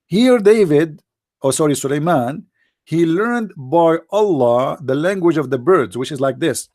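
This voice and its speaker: An actor playing a boastful, rambling mock preacher with an Arabic accent, in a satirical livestream monologue. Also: male voice, on the high side, lively intonation, unhurried, darkish tone. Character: mock-pompous self-styled male preacher, middle-aged.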